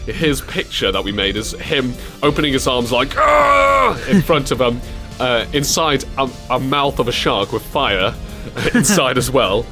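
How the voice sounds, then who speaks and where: A man's voice: mid-range voice, expressive, a little slow, bright, forceful tone, soft background music. A young man hosting a radio show, chatting casually, often giggling and slipping into silly voices. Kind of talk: casual chat.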